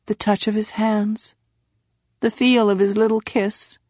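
Slow, measured woman narrator. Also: medium pitch, level tone, darkish tone, dry recording, clean studio sound. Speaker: audiobook narrator. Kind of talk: scripted narration.

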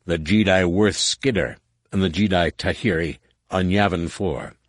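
Man doing a raspy alien warlord, curt and threatening, lower-pitched, dry close sound. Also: a little slow, no echo. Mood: stern. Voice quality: rasping, growling. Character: stern alien male war master, menacing.

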